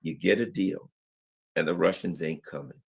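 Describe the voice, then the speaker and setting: Low-voiced male co-host, gravelly and indignant. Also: normal speed. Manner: indignant, sarcastic, emphatic. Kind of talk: heated political discussion.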